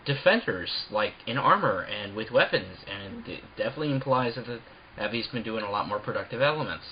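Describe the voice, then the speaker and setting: A man co-hosting a casual podcast chat, animated and jokey, breaking into playful bits. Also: medium pitch, muffled recording, a little hiss or hum. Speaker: podcast co-host.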